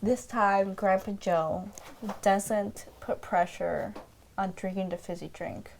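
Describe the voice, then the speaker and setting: A woman co-hosting a podcast in casual chat, playful and quick to act out characters, with lots of "like". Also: medium pitch, fairly even intonation, vocal fry, slight background noise. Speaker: podcast co-host.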